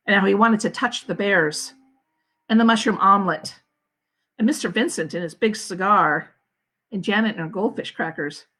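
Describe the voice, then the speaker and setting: A woman's voice: mid-range voice, fairly bright tone, breathy edge. A school principal, a woman, reading a children's book aloud expressively for a live video, with asides to the kids. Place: home, during quarantine. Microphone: phone or laptop for a live video.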